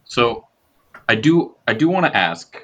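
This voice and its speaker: A man playing a tabletop game, asking questions and rolling dice with wry, deliberate talk. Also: mid-range voice, big pitch swings, a crowd in the background. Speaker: player. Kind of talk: casual tabletop game play.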